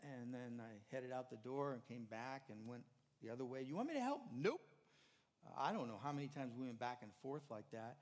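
An older man preaches in a relaxed, conversational way, now pressing a point hard, now dropping almost to a murmur. His mid-pitched voice trails off into a long church reverb. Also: fairly quick. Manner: conversational preaching, rising to emphatic then dropping soft. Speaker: pastor. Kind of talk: sermon. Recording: hall reverb.

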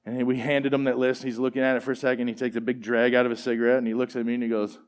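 A man's voice: medium pitch, very fast. Man telling a casual sermon story. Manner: conversational, animated storytelling with fillers. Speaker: pastor.

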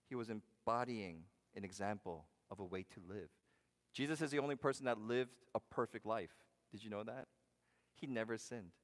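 This pastor's voice sits fairly low and moves at a normal speed, carried by a long hall reverb. Preaching conversationally, he questions the congregation and shifts from forceful, punchy delivery to quiet moments.

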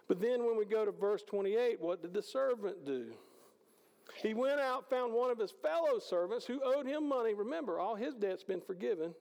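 A man preaching a conversational sermon, swinging between loud passages and hushed ones. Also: high-pitched. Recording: hall reverb.

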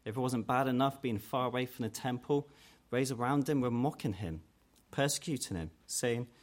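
A man preaching a sermon in an earnest way, growing louder and higher when he voices quoted challenges. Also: moderate pace. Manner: earnest, rises in pitch and force when quoting mockers.

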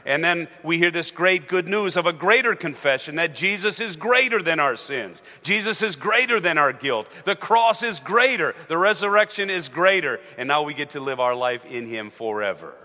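A pastor preaching a sermon with dynamic delivery, booming on key words and dropping to a hush at the ends of phrases. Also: male voice, expressive, moderate pace, hardly any pauses, in a large hall. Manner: dynamic, swinging from loud emphasis to hushed endings. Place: church sanctuary.

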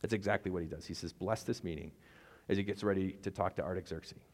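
A man's voice: low-pitched, steady tone, very fast, big-room sound. A man preaching a conversational sermon, telling the story with casual asides and jokes. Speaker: pastor.

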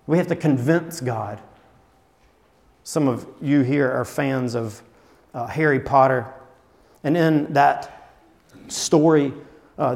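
A man preaching a sermon from the pulpit, his voice sitting a little high. He talks in an earnest way, sinking quiet and then lifting with emphasis. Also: in a large hall. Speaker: pastor.

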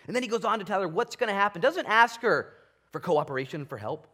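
A man preaching a sermon from a church stage with animated, exclamatory delivery that swings between loud bursts and quieter asides. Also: fast. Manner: hushed, low prayer voice. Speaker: pastor.

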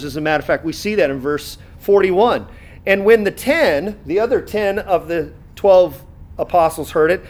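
A man with a high-pitched voice delivers a relaxed, conversational sermon. He reads scripture aloud and stops to comment on it, filling his speech with "uh" and frequent restarts. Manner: conversational preaching with many fillers and restarts. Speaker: pastor.

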